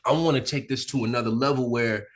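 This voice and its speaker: A male actor as an interview guest, telling candid stories in a relaxed, animated way, often laughing and acting out the people he quotes. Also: mid-range voice, fast talker. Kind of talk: candid conversational storytelling. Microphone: sit-down interview mic.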